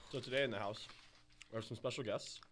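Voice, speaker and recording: A man's voice: medium pitch, fast talker, noisy background. A man hosting a casual chat show, loose and joking, with the odd swear. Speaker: host. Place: office studio.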